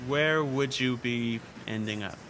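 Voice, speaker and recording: A man's voice: mid-range voice, unhurried, background noise. A man narrating a tabletop game as game master, casual and rambling, often laughing.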